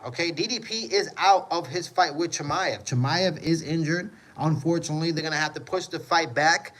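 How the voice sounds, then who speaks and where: Livestream host, male, slightly high voice, loose rambling delivery, chats with his viewers. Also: moderate pace, fairly bright tone, poor audio. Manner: rambling, repeats "you know what I mean". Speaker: livestream host reading chat. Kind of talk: casual livestream chat.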